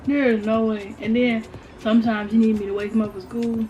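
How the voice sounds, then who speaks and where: A young woman with a slightly high voice tells a storytime over a meal in loose, slangy chat. She hammers lines home by saying them twice, animated throughout. Faint music sits under her. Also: fairly quick, lo-fi sound. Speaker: vlogger. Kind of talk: casual storytime while eating.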